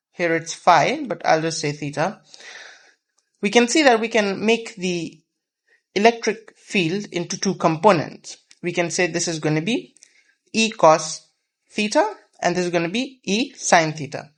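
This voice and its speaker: A man teaching a whiteboard physics lesson, explaining patiently step by step and repeating key terms. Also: sits high.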